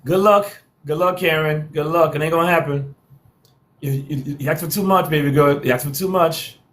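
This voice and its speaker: A man's voice: fairly high pitch, moderate pace, a bit bright. Hyped man hosting a live stream. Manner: repetitive hype calls, playful trash talk. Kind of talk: TikTok live hosting, hyping viewers.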